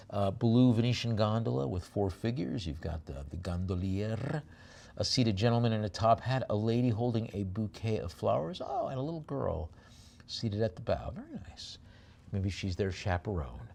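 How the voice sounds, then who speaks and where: A man's voice: fairly low pitch, expressive, normal speed, creaky, a little mellow. A man working as an auctioneer at a live sale, describing each lot with chatty, rambling asides and then rattling off bid calls.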